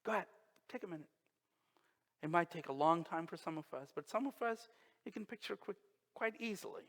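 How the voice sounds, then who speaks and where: A male pastor preaching a sermon, slow and emphatic, with dramatic pauses and quiet drops. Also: sits high, expressive. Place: church sanctuary. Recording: long reverb of a church hall.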